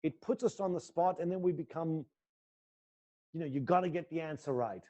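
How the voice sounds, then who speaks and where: A man's voice: a little high, normal speed, dark tone. A middle-aged man teaching acting, leading a guided exercise in a live class with an intense, coaxing manner and free swearing.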